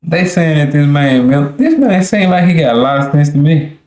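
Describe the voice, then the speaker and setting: A man's voice: on the high side, expressive, moderate pace, darkish tone, roomy sound. A man hosting a live stream, reacting to a crime video with blunt, slangy asides. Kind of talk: casual live reaction commentary.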